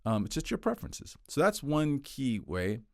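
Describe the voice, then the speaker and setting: A man teaching communication skills in a casual explainer style, animated and acting out example quotes in playful voices. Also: medium pitch, moderate pace, vocal fry, no echo, clean studio sound.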